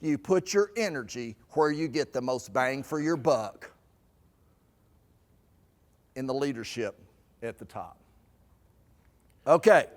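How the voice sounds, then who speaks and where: A man presenting a stewardship seminar, telling anecdotes and acting out the people in them. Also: fairly high pitch. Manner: lively storyteller acting out quoted people. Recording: long hall reverb.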